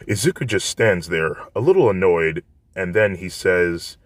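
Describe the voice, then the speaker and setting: Low-voiced man reading a fan story. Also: expressive, a little slow. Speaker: narrator.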